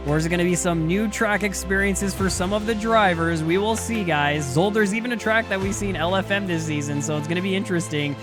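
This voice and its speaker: Guy streaming sim races, kinda high voice, hyped and rambly, music playing softly behind. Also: brisk, few pauses. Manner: hyped, rambling, talks to chat. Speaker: streamer and race league host. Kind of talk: casual live-stream commentary.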